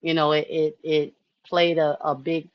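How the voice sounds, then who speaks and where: A woman in her early thirties telling a personal story to her viewers in a chatty, animated way, often saying "you know". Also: deep voice, unhurried, no room sound, highs cut off. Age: 30s. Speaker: vlogger.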